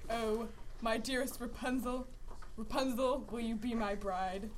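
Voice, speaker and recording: A woman voicing a dim, earnest young prince who speaks softly and mildly. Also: fairly high pitch, fairly even intonation, unhurried, a little hiss or hum, lightly acted. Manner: soft-spoken, mild and absent-minded.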